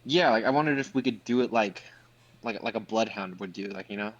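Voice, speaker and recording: A man's voice: on the low side, a little fast, muffled recording. A man playing in a tabletop game, asking questions hesitantly with many filler words. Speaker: player. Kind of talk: casual tabletop play.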